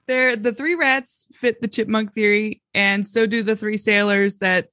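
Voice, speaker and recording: A woman co-hosting a casual podcast, quickly and incredulously questioning a movie's logic. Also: medium pitch, steady tone, bright, forceful tone, dry recording, studio quality. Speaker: podcast co-host. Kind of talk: casual movie-riffing chat.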